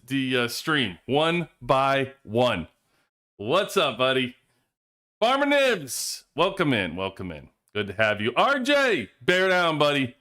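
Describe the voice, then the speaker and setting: A man's voice: fairly high pitch, bright, forceful tone. A man hosting a casual livestream, greeting chat viewers by name and laughing often. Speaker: livestream host.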